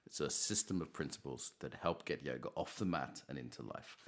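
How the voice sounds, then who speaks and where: Podcast guest, male, very low voice, chatty, acts out quotes. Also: a little fast, fairly bright tone. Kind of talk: podcast interview.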